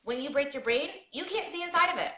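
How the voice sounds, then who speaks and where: A woman with a bright, ringing voice speaks a little higher than most. She talks earnestly and pleads with repeated questions, and her voice carries some room echo. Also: animated, fast talker. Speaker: podcast guest. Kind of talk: emotional personal storytelling.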